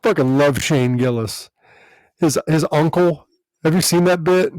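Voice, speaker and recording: A man who hosts a podcast and does comedy chats casually, swearing freely, laughing often, and telling stories with animation. His voice is a little high with a darkish tone and an unhurried pace, recorded with no room sound.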